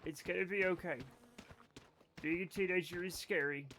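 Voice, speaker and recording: A man chatting live with his viewers while he plays. His voice sits high, and he rambles from one joke to the next, often mocking himself. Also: fairly even intonation, normal speed, pushed and bright, slight background noise. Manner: rambling, joking, playfully self-mocking. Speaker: live streamer. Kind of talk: casual gameplay chat with viewers.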